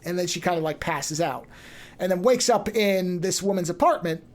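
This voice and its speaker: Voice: medium pitch, normal speed. A podcast host in casual chat, animatedly retelling a story and briefly acting out the characters' lines. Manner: loose and chatty, frequent restarts.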